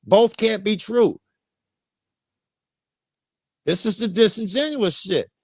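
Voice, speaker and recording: This man argues hard and doesn't let go, cutting in with pointed questions and plenty of profanity. His voice sits fairly high for a man. It's recorded close and dry, with no room sound. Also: expressive, takes it slowly, gravelly, breathy edge, no room sound. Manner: confrontational, profane, presses with repeated questions. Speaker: podcast co-host. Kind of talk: heated argument.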